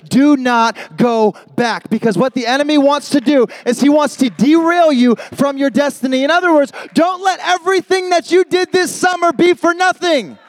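A young man preaching an energetic youth sermon as a youth pastor, animated and jokey, shouting for emphasis. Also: sits high, in a large hall.

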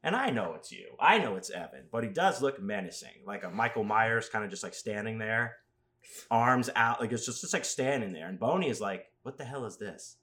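A man with a somewhat low voice hosts a casual podcast. He rambles through anecdotes, tossing in crude jokes and animated asides. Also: fairly quick. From Las Vegas. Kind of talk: casual chat.

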